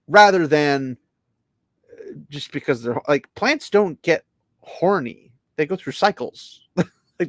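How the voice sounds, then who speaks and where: A man riffing sarcastically while reacting to a trailer, his voice slightly high and swinging widely. He laughs easily and talks in loose, animated bursts. The sound is dry and close. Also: no room sound. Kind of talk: casual reaction chat.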